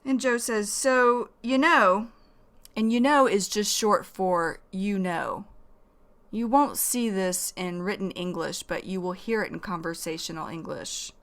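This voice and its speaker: A woman from the northern United States with a Northern US accent, teaching English vocabulary slowly and clearly and repeating key words. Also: fairly low pitch. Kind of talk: slow explanatory language lesson.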